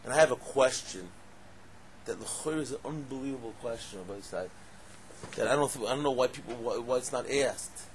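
A man giving a lively Torah class, asking rhetorical questions and breaking into loud exclamations. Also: medium pitch, fairly quick, a little hiss or hum. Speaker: Torah teacher.

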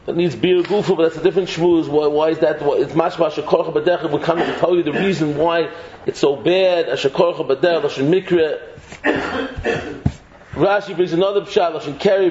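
A man teaching an animated Torah shiur, repeating words as he builds each point and mixing English with Hebrew and Yiddish terms. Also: fairly high pitch. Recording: echoey, dull, faint noise.

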